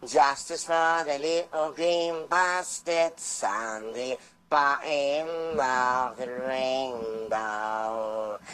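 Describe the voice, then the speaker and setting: A man voicing a boastful, mischievous male Rastafarian Irish leprechaun in a slow, low, half-sung patter over faint guitar. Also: fairly even intonation, fairly bright tone. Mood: laid-back boasting. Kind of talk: improvised comic song. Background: faint acoustic guitar.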